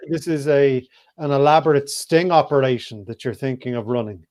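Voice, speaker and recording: A man's voice: mid-range voice, normal speed, a little mellow. A man co-hosting a casual chat, asking dry, teasing questions. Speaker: co-host.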